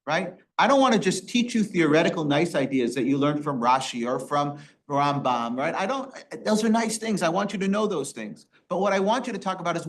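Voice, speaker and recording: A rabbi leading a Torah study class, asking rhetorical questions and quoting Hebrew verses. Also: male voice, sits high, fairly bright tone. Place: synagogue classroom.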